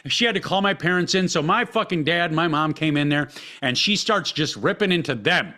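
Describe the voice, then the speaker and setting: A man's voice: on the high side, animated, brisk, sharp tone. A man hosting a podcast, telling a personal story in a heated, blunt way with constant swearing. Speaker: podcast host.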